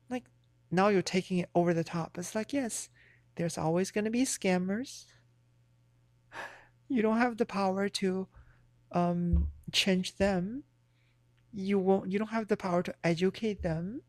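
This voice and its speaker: A woman's voice: mid-range voice, a little slow, a little mellow, dry recording. Blunt, swearing woman streamer, dry sound. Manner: blunt, profane, rambling. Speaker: livestreamer. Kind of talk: casual stream chat.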